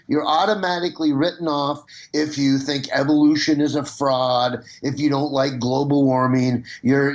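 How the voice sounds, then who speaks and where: A middle-aged man from Nebraska, a comedian calling in as a guest and talking loosely, with many restarts. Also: medium pitch. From Nebraska, USA. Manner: rambling, with restarts. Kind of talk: casual phone conversation.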